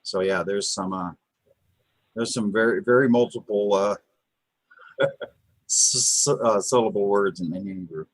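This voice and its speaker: Low, husky man teaching Hebrew. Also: dry recording. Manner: patient, repeats words slowly, many fillers and restarts. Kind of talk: live online lesson. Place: Chabad house.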